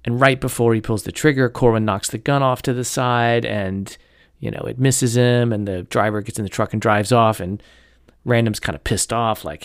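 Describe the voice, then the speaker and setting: A man's voice: medium pitch, steady tone, normal speed, smooth, dry recording, studio quality. A man hosting a podcast, chatting casually and critically about a novel, rambling with lots of fillers. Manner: rambling, many fillers and hedges; critical, opinionated commentary. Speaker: podcast host discussing a novel. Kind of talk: casual chat.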